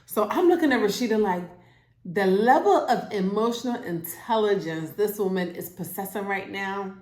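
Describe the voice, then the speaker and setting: A woman's voice: mid-range voice, normal speed. Chatty woman recapping a show at home. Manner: chatty, animated, acts out characters' lines. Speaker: TV show reviewer. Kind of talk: casual show recap to camera. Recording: roomy echo.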